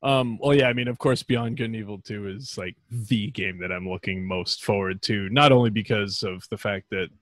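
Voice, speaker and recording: A man's voice: on the low side, normal speed, hardly any pauses, dry recording. An American man chatting casually as a podcast guest, laughing often and rambling with restarts. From United States. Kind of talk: casual chat.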